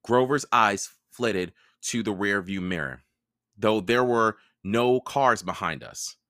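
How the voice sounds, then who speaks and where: A man reading a novel aloud as host of his own podcast, with expressive storytelling. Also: lowish voice, slow pace, no room sound, studio quality. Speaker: podcast host and audiobook reader.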